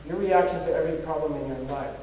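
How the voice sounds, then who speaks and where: A spiritual teacher gives an informal lecture, chatty and packed with rhetorical questions and "you know." His voice is fairly high and mellow, and he talks at a quick pace. He's recorded from far off in an echoey hall, with slight background noise.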